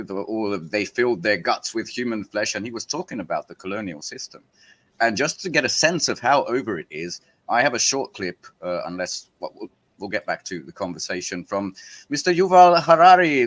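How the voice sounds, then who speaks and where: Blunt, low-voiced podcast host. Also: male voice. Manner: blunt, excitable, profane, halting. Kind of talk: casual panel discussion.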